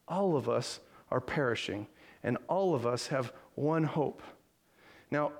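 Male pastor, slightly higher voice, earnest conversational sermon delivery. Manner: earnest, conversational preaching with rhetorical questions.

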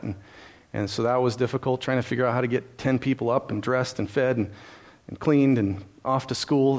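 A man preaching a sermon in an ordinary mid-range voice. He starts out telling stories in a loose, conversational way, full of small fillers. He then builds into earnest, emphatic teaching. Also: medium pitch. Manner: frequent "uh" and "and so" fillers. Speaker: pastor.

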